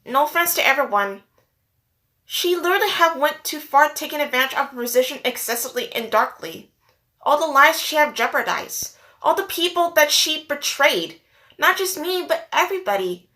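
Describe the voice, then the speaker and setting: A woman's voice: sits high, expressive, moderate pace, pushed and bright. A woman speaking earnestly and upset in a personal vlog, holding back tears and repeating herself for emphasis. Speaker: vlogger. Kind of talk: emotional personal rant to camera.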